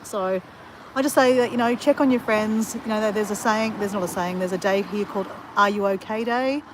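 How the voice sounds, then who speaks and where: A woman's voice: mid-range voice, normal speed, noisy background. An Australian woman rambling in casual chat to her viewers as she walks outdoors. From Southeast Queensland, Australia. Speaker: vlogger. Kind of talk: casual livestream chat while walking. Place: outdoors near a beach.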